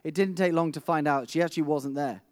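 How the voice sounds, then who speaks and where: A man's voice: a little high, fast, no room sound, studio quality. A middle-aged man preaching a sermon, telling a vivid personal story with frequent restarts.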